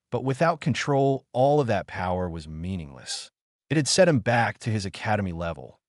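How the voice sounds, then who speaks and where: A man with a fairly low voice narrates a fan-fiction story. His delivery is expressive and swings widely in pitch, and the recording is dry and close. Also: dry recording.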